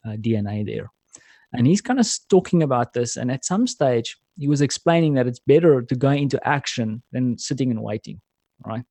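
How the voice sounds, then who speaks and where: A South African man, a guest on a podcast, tells stories in easy, casual conversation with a mellow, warm, friendly tone. His voice is mid-range, and the sound is close and dry with no echo.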